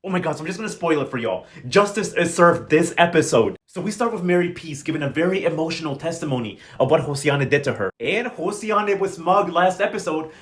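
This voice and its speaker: A man's voice: on the high side, lively intonation, brisk, hardly any pauses. A young man recapping a soap opera episode in a sassy, gossipy, slang-heavy commentary. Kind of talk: casual recap vlog.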